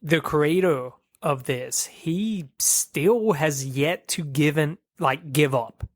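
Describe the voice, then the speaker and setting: Slow, laid-back podcast man. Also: fairly high pitch, no echo, studio quality. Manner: laid-back, short replies. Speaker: podcast co-host. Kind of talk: casual chat.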